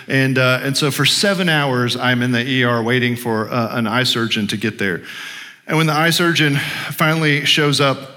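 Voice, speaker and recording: A man's voice: medium pitch, moderate pace, pushed and bright. A middle-aged man, a pastor, telling a personal story in a conversational, self-deprecating sermon with many restarts.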